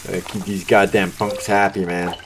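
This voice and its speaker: A gameplay streamer at his home gaming setup gives live commentary on a cooking game, talking to the customers and growing frantic, swearing under pressure. His low voice shows little pitch movement at a moderate pace, picked up on a desk microphone with a noisy background.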